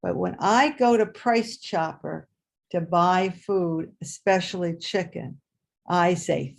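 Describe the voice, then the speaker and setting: A woman telling a personal story live, animated and acting out voices and sounds. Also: fairly low pitch, slow pace, gravelly.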